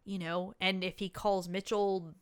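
A woman with an unhurried, mid-range voice that is clear and resonant recaps a movie on the podcast she co-hosts. The talk is casual, and her storytelling is animated, with the characters' lines acted out.

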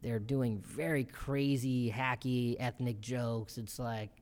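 Animated man telling stories in an interview. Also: mid-range voice. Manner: quick, animated storytelling with acted-out quotes and laughter. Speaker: comedian and show creator, guest. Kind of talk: casual interview.

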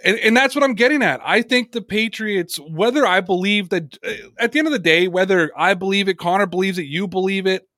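A man co-hosting a casual sports podcast, talking in an animated, emphatic way and reading chat comments aloud. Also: high voice, brisk, few pauses, dry recording, studio quality. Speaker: podcast co-host.

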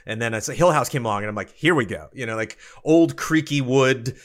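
A man's voice: medium pitch, brisk. Rambling man in casual chat. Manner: rambling, animated, many fillers. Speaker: podcast co-host.

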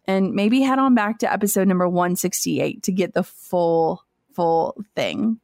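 A woman's voice: on the low side, unhurried, a little mellow, dry recording. Woman podcast host reading intros, earnest, dry close sound. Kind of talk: scripted narration introducing clips.

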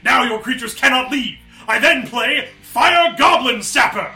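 Gloating leather-clad villain duelist played by a man, loud and bright. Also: extremely high pitch, unhurried, reverberant, faint music behind, exaggerated voice. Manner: gloating, shouting.

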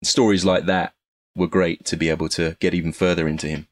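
An English man, a guest actor in a casual interview, telling animated stories and laughing often. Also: low voice, a little fast, dry recording. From England.

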